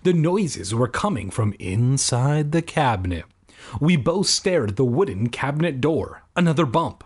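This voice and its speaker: Husky man, lively pitch, comedic book reading, sarcastic asides. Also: a little slow. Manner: sarcastic, jokey interruptions. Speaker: reader of a children's book.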